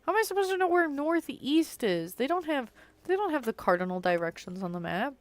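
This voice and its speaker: Streaming a game, this young adult woman chats casually in a high, very animated voice at a brisk clip, with no room sound. Her talk rambles, packed with "like."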